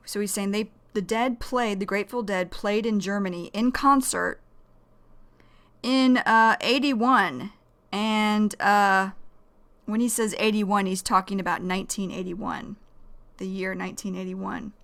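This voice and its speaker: A woman's voice: mid-range voice, unhurried, a bit bright. A woman teaching an English vocabulary lesson, explaining words carefully and repeating them.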